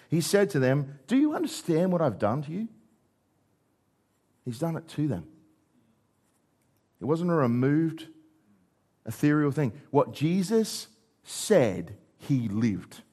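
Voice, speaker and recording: A middle-aged man preaching a sermon, acting out dialogue with rises and drops in pitch and volume. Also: unhurried. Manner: animated, acts out dialogue with shifting pitch and volume.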